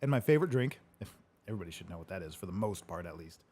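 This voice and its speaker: A man's voice: low-pitched, expressive, racing, darkish tone, breathy edge. A man telling a loose story as host of a casual chat. He rambles, laughs often and swears without a second thought. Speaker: host answering live questions.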